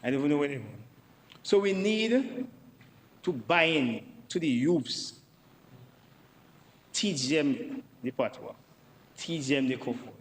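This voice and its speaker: Unhurried and pausing often, this member of parliament has a slightly high voice with lively intonation and a Dominican accent. He presses his points in the budget debate, repeating them for emphasis and addressing the Speaker. Long chamber reverb and faint background noise fill the recording.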